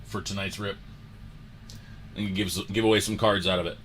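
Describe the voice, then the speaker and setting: A man hosting a sports card show, telling a story in a casual, animated way and acting out the moments. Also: sits low, normal speed, noisy background.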